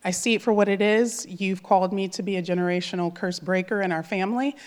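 A woman in her thirties shares a personal testimony at church, speaking from the heart in an emotional, earnest way with lots of filler words. Her voice is medium-pitched and slightly mellow, and she talks at a quick pace.

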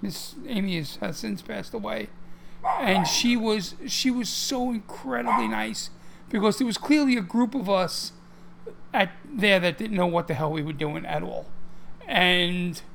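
Gravelly high-voiced man chatting on a podcast. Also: measured pace, noisy background. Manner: rambling, frequent restarts and fillers. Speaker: podcast co-host. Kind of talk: casual podcast chat.

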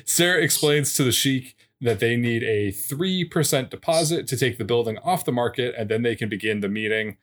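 Man recapping a show in steady narration. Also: medium pitch, normal speed, few pauses. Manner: steady plot-summary narration with dry asides. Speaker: podcast co-host. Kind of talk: casual recap chat.

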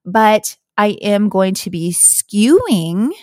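A woman's voice: medium pitch, very animated, takes it slowly, dark tone, no echo, studio quality. A woman hosting a podcast as a health coach, talking in a candid, earnest, chatty way with lots of fillers. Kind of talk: casual podcast monologue.

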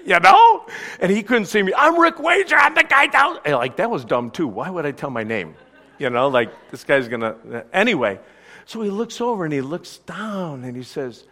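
A man preaching a sermon, spinning a story from his youth. He talks slowly and his pitch rides up and down a lot, leaping high when he quotes himself shouting. His voice sits a bit higher than most men's. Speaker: pastor.

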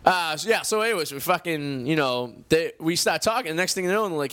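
Rambling, foul-mouthed radio co-host. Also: male voice, a little high, animated, quick pace, hardly any pauses, a bit bright. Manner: rambling storyteller, swears a lot. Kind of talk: casual radio banter.

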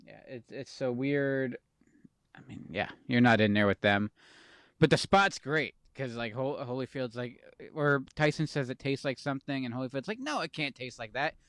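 Smooth-voiced man in casual chat. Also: medium pitch, moderate pace, a bit bright, no room sound, clean studio sound. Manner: chatty, laughing, swears casually. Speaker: podcast co-host.

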